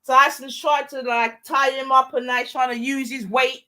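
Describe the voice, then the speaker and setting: A young woman, giving excitable, slang-heavy live commentary on a fight and shouting often. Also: sits high, normal speed. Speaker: watch-along streamer.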